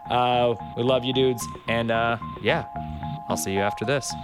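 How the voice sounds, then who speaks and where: A man's voice: mid-range voice, fairly even intonation, moderate pace, over loud music. A man from Miami Beach hosting a podcast, talking in a loose, rambling, joking way with lots of fillers. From Miami Beach, Florida. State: a bit under the weather. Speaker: podcast host. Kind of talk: casual podcast chat.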